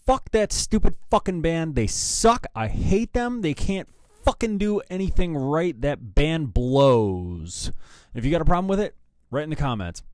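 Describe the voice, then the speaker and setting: A man's voice: fairly high pitch, very animated, unhurried, a little mellow, dry recording. A man hosting a rock news show, ranting angrily and swearing heavily about a band. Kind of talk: profane opinion rant.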